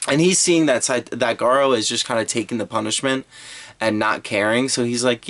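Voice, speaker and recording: A man's voice: mid-range voice, normal speed, vocal fry, a bit bright. A man reviewing a manga chapter in a casual, rambling chat full of fillers and restarts.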